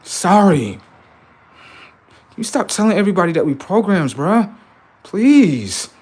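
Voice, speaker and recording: A man's voice: sing-song, unhurried, a little mellow, slightly rough, heavily acted. A man putting on the voice of upset AI programs begging him to stop exposing them. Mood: pleading. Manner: begging, high and strained. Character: pleading male AI programs, whiny and upset.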